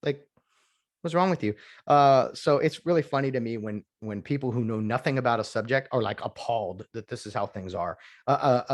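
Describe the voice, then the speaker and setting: A man talks alone into his podcast mic, drifting from point to point and restarting his sentences. He is opinionated and casual, in a mid-range voice. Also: medium pitch. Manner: rambling and opinionated, with many restarts. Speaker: podcast host. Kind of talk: solo podcast rambling.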